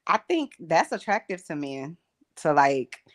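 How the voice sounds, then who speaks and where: A woman hosting a live-streamed casual chat, talking in an expressive, teasing way. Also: sits low, measured pace. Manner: animated, expressive, sings and teases. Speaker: host.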